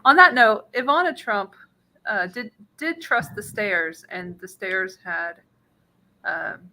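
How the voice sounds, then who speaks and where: A woman co-hosting a casual podcast chat, wry and joking, quick to laugh. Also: mid-range voice, pushed and bright, rough recording. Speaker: podcast co-host.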